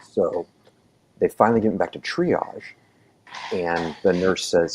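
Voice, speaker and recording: Deep-voiced man telling a rambling story. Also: measured pace, long pauses, darkish tone, a little hiss or hum. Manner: rambling, filler-heavy, acts out quoted dialogue. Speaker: EMT telling his story. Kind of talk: casual storytelling on a podcast.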